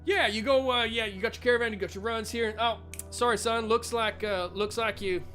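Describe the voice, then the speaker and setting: A man's voice: high voice, steady tone, brisk, pushed and bright, faint music behind, voice pushed up. A man voicing a shifty card-cheating gambler who stammers and talks in a folksy drawl. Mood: evasive.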